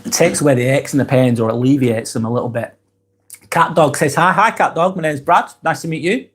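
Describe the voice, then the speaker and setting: A man hosting a live stream, reading viewers' comments aloud and chatting back in a relaxed, easygoing way. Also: a little high, a little fast, husky. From England. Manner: laid-back, chatty, trails off softly at phrase ends.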